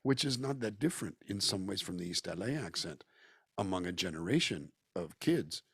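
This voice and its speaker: A Southern California man, a guest musician and actor, talks at length and thoughtfully over a video call in a casual interview chat. His low voice is animated, a bit bright and slightly rough, at normal speed. The studio-clean sound has no room tone, and he's reflective and talkative, acting out quoted voices.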